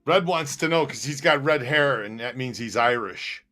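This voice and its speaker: A man's voice: mid-range voice, moderate pace, sharp tone, faint music behind. A man co-hosting a casual live-stream chat, joking around and laughing often. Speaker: co-host.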